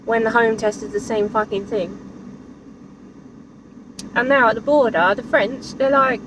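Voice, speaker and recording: A woman's voice: a little high, steady tone, measured pace, pauses often. A woman chatting casually in her vlog, saying "like" a lot and laughing often, recorded in her vehicle. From England. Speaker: vlogger. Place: in a car or van. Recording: distant mic with background noise.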